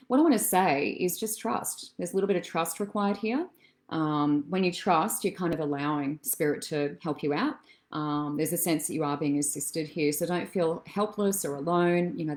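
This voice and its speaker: A woman as a psychic medium doing a live-stream reading. She chats with viewers, calls them darling and love, and wanders through her thoughts with soft fillers. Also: on the low side, fairly quick. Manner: chatty and meandering, many soft fillers.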